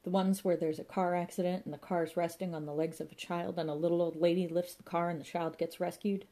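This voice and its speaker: A woman narrating a comic story in a lively, playful way, voicing sound effects as she reads. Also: lowish voice, fairly quick. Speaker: audiobook narrator.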